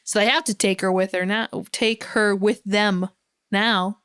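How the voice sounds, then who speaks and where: A woman's voice: medium pitch, steady tone, a bit bright, clear, resonant tone. A woman co-hosting a podcast, chatting casually as she recaps a film, laughing often and acting out the characters' lines. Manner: giggly, acts out characters' lines in quick paraphrase. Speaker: podcast co-host.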